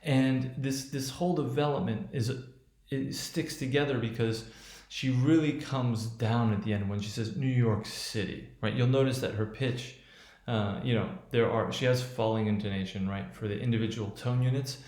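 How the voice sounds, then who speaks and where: Halting male lecturer in an echoey room. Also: medium pitch, fairly even intonation, darkish tone. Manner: halting, with many restarts and fillers; checks in with "right?". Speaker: teacher. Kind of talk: lecture analyzing a speech.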